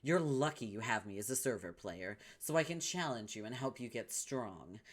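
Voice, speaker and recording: A man's voice: medium pitch, animated, normal speed, close to an everyday voice. A man voicing a bossy, cruel young troll girl who sneers and scolds in a comic read-along.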